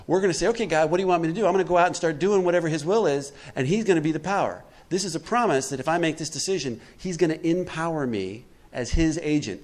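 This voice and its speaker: A man giving a recovery workshop talk, asking his listeners questions and answering them himself, acting out quotes with big swings in pitch and loudness. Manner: preachy, asks the room questions and answers them; acts out quotes with animated swings in pitch and volume. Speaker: workshop speaker.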